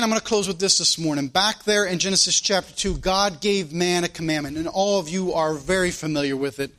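A preacher from the United States delivering a sermon, emphatic and full of rhetorical questions and repeated phrases. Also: male voice, high voice, a bit bright.

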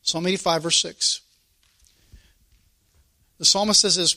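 A man's voice: high voice, steady tone, unhurried, pauses often, pushed and bright. A man preaching a sermon, reading scripture aloud and pressing his points with rising emphasis.

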